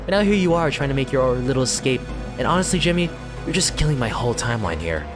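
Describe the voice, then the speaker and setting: A man's voice: mid-range voice, sing-song, quick pace, music in the background, natural voice. A man voicing a smug, menacing cult-leader husband while reading a game aloud.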